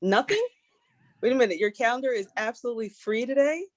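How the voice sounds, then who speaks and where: A woman's voice: fairly high pitch, lively intonation, fast, dry recording. A woman chatting in a practice referral call, friendly and chatty with lots of fillers. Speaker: networking group member.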